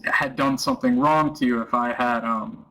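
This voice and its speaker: An American man answering interview questions in a relaxed, thoughtful way, pausing with frequent ums and giving everyday examples. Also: medium pitch, poor audio. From United States. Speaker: interviewee explaining American culture.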